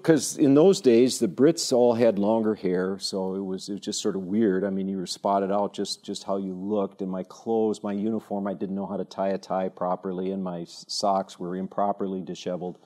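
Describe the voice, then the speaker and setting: A man giving an informal talk at a church evening, telling stories with self-deprecating humor and frequent halting restarts. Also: lowish voice, darkish tone. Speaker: speaker at a church teaching evening.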